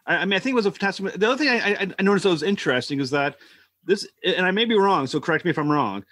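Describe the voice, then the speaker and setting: A man's voice: high-pitched, expressive, racing, fairly bright tone, no echo. A man hosting a podcast interview, easygoing and chatty, often restarting his sentences. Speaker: podcast host. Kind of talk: casual interview chat.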